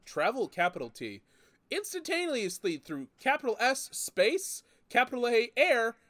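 A man doing a mocking impression of an overexcited male rock-star pitchman with a nasal, sing-song delivery. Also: a bit bright, full character voice. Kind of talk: mocking impression in casual chat.

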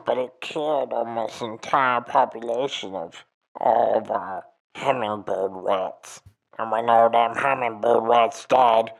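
A man's voice: mid-range voice, a bit bright, rough recording. A man voicing a bumbling alien woman envoy who rambles in folksy, rustic grammar, in an improv comedy scene.

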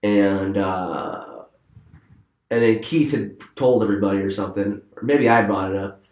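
A man's voice: on the low side, moderate pace, a little mellow, echoey room. A man casually telling a long story among friends, rambling, repeating words and laughing as he goes.

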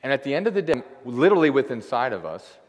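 Casual preacher in a reverberant hall. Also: male voice, medium pitch, sing-song, rapid-fire. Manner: casual, conversational preaching with many "like" fillers. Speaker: guest preacher. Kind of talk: sermon. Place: church sanctuary.

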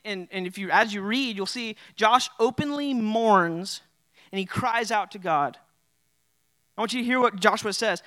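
A man's voice: very high-pitched, sharp tone, no echo. A man preaching a sermon as a pastor in a casual, conversational way, with plenty of fillers. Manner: casual and conversational, with many "like" and "you know" fillers.

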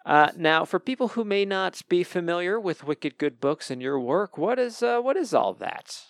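A man's voice: high-pitched, expressive, normal speed, no echo, studio quality. A man hosting a casual podcast, teasing his co-host with jokes. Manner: jokey, teasing.

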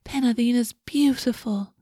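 A woman's voice: on the high side, animated, normal speed, darkish tone, no echo, studio quality. Woman voicing a sweetly cruel young fae girl. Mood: dreamy. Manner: dreamy, eager, edged with contempt. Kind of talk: storybook reading.

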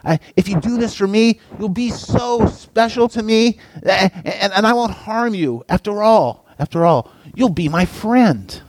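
Brief: man doing a crafty male rattlesnake in a storytold sermon, high and pleading, wheedling. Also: expressive, unhurried, few pauses, dry recording, poor audio. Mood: coaxing. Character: persuasive male talking rattlesnake, sly.

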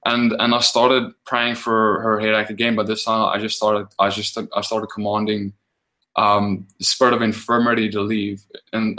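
A man's voice: fairly low pitch, sharp tone, rough recording. Rambling man sharing a ministry story. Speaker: guest minister. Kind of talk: casual testimony and teaching.

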